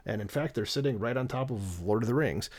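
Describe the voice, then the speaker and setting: A mid-pitched man talking straight into a desk microphone at home. He rambles through his commentary with plenty of fillers, and sarcasm and exasperation color his talk. It sounds like a casual one-man opinion video. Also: expressive, a little fast, darkish tone. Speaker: channel host.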